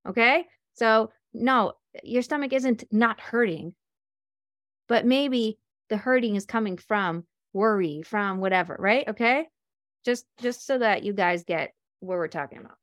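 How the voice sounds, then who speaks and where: Animated woman teaching a group. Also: fairly high pitch, no room sound, clean studio sound. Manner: animated, acts out scenes with voices. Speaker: speaker teaching self-inquiry. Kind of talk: informal talk to a group.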